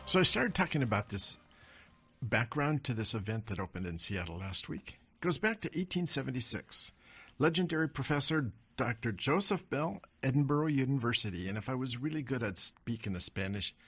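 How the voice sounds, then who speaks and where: A man's voice: mid-range voice, expressive, brisk, a bit bright, breathy edge. A man hosting a radio show, telling a story in a conversational, self-deprecating way from a radio studio. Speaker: radio show host and financial adviser.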